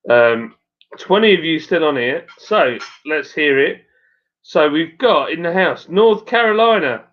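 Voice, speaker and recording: Man, live stream host, lively up-and-down voice, reads chat aloud, dull lo-fi sound. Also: fairly high pitch, a little slow. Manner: chatty, reads viewer messages aloud, stumbles over names.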